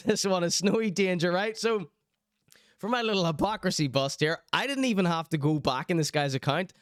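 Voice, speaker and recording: A man hosts in a teasing, mocking chat and keeps breaking into laughs. His voice sits high and sounds smooth and clear. The sound is dry and close. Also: fairly bright tone, no echo. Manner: laughs mid-sentence, teasing. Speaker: host. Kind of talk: casual mocking commentary.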